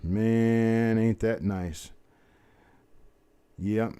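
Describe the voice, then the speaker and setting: Folksy low-voiced man calling an auction. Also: warm tone. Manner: rapid bid-calling chant mixed with folksy chatter. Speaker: auctioneer host. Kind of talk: live online auction calling.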